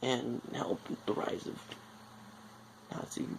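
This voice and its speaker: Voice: slow pace, noisy background. A film reviewer talking casually, rambling off on tangents with many filler words.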